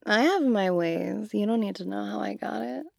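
A woman's voice: medium pitch, expressive, normal speed, gravelly, dry recording, studio quality. A young woman performing an audio role-play to the listener, talking casually and giggly, with lots of "like".

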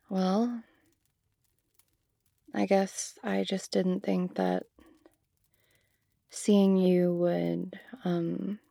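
Giggly young woman with vocal fry. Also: mid-range voice, little pitch movement, drawn-out words, long pauses, dark tone, no echo, studio quality. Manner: casual, giggly, full of "like". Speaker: audio role-play performer. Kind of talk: audio role-play to the listener.

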